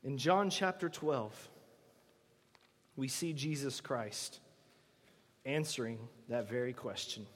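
A man preaching a sermon, earnest and emphatic, moving between loud stresses and hushed lines. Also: mid-range voice, slow pace, pauses often, in a large hall. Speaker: pastor.

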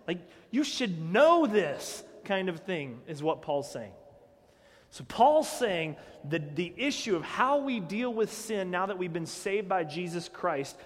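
High-voiced preaching man in a reverberant hall. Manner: emphatic preaching, bursts into shouted "No!". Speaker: pastor. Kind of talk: sermon.

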